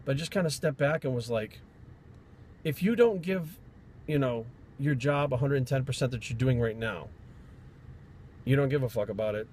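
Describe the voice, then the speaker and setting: A man's voice: mid-range voice, normal speed, long pauses, darkish tone, slight background noise. A man from Rhode Island, a fitness trainer, telling stories in a blunt, profane, rambling vlog rant.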